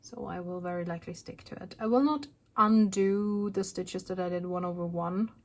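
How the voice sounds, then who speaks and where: A woman's voice: on the low side, normal speed, darkish tone. A woman hosting a casual needlework vlog, chatting in a rambling way with restarts and asides, and sounding out of breath. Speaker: flosstube host. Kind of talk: casual show-and-tell vlog.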